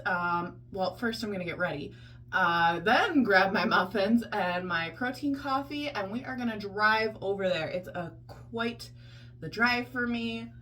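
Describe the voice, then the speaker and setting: A woman's voice: mid-range voice, a bit bright, slight background noise. A woman chatting casually in a vlog, chatty and self-deprecating, talking through her day. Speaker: vlogger.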